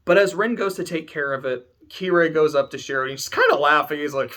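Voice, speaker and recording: A man's voice: fairly high pitch, brisk, few pauses, sharp tone. A man close to tears, talking in an emotional, rambling way and swearing a lot. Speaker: video essayist. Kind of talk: emotional casual talk.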